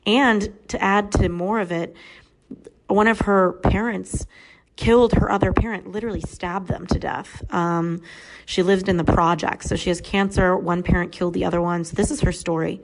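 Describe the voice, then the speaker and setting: A woman's voice: mid-range voice, vocal fry. A woman in her thirties hosting a podcast, telling a personal story in a candid, conversational way. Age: 30s. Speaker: podcast host.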